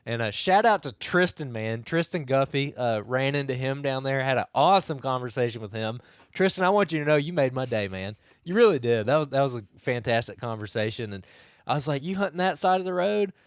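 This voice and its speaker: A man co-hosts a podcast in an easy storytelling style. His voice is smooth and resonant, recorded close and dry with no room sound. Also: mid-range voice, brisk, no echo. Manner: storytelling, chatty, animated retelling. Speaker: podcast co-host. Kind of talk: casual chat.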